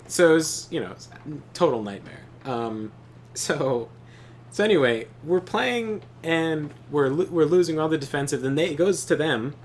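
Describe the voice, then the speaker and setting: A young man streaming a game, telling animated, profanity-laced stories in casual chat. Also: a little high, moderate pace, slight background noise. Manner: animated storytelling, swears often. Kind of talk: casual chat while gaming.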